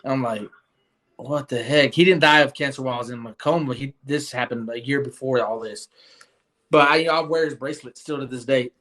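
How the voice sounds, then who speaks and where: A man's voice: medium pitch, fairly quick, a bit bright. A young man telling his story in a casual interview, earnest and rambling, with many fillers and restarts. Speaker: guest.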